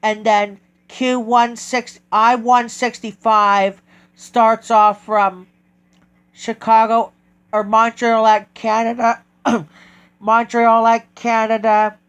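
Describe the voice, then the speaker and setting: A man talking casually in a vlog, halting and correcting himself often as he goes. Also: very high voice, flat delivery, a bit bright, clear, resonant tone. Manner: halting, with many restarts and self-corrections. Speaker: train video vlogger.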